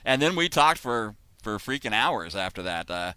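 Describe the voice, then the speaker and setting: A man's voice: fairly low pitch, big pitch swings, moderate pace, pushed and bright, clear, resonant tone, dry recording. An American man, an author, telling a story in casual chat over a video call, rambling with many asides. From United States. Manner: rambling, full of restarts and asides. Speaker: author and host.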